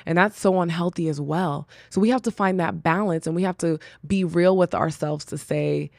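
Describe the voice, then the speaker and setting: A woman's voice: lowish voice, moderate pace, creaky, darkish tone, no room sound, studio quality. A woman hosting her own podcast, giving an earnest, personal, faith-based encouragement talk drawn from her own experience. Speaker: podcast host.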